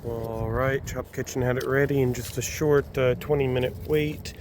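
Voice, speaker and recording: A man's voice: medium pitch, fairly even intonation, moderate pace. A young man, a food delivery driver rambling through profane stories inside his car. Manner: rambling, profane anecdotes with laughs. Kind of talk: casual storytelling vlog. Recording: distant mic with loud road noise.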